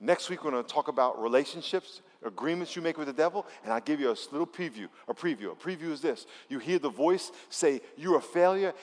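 Pastor, male, preaching at a church service with emphatic, conversational delivery, a touch higher pitched, heard in a hall with a long echo. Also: expressive, fast talker, hardly any pauses. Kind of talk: sermon.

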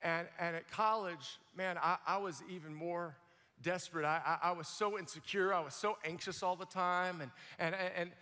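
A middle-aged man preaching a sermon, telling his story with animated acted-out quotes and stammering restarts. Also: sits high, normal speed. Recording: long hall reverb.

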